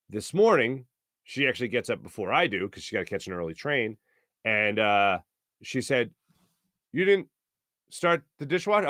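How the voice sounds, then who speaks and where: A man's voice: fairly high pitch, a bit bright, no room sound, clean studio sound. A man hosting a sports talk show, chatty and jokey, often laughing. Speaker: sports radio host.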